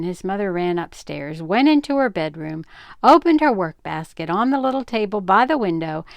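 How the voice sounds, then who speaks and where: An older woman calmly reading a children's storybook aloud in a measured way. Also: medium pitch, smooth, no echo, studio quality. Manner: calm, measured narration.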